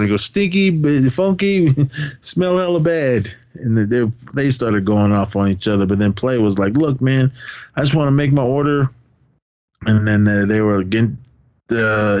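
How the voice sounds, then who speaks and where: A man's voice: on the low side, darkish tone, muffled recording. A man casually recapping a comedy film on a podcast, laughing often and acting out quoted lines. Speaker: podcast co-host. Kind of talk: casual movie recap chat.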